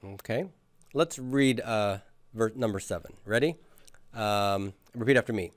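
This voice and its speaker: A Hebrew grammar teacher patiently drills his class in a lecture with questions, having students repeat after him. His voice runs on the low side at a moderate pace, with no room sound.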